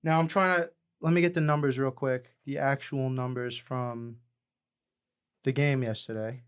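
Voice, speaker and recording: A man hosting a casual sports betting podcast, brash and fast-talking, ribbing his co-host. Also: mid-range voice, steady tone, clean tone. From New York area.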